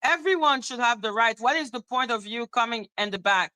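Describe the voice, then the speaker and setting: A livestream host addresses her chat directly in an animated, repetitive rant punctuated by laughter. Her voice is a little high and fairly quick, and the recording is rough but has no echo.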